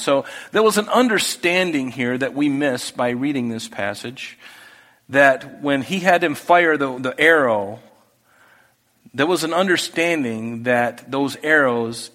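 A man preaching a sermon, talking through the text in a conversational way that moves from hushed to emphatic. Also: medium pitch. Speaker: pastor. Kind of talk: expository sermon. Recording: echoey hall with long reverb.

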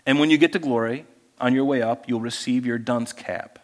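A man's voice: medium pitch, steady tone, normal speed, big-room sound. A male pastor preaching a sermon in a conversational way, asking the congregation questions and acting out little voices.

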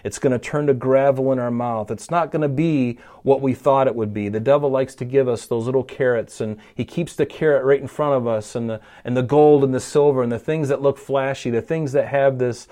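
A man's voice: medium pitch, fairly even intonation, brisk, hardly any pauses, dark tone. A man preaching an expository sermon, teaching conversationally with restarts and rising emphasis. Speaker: pastor.

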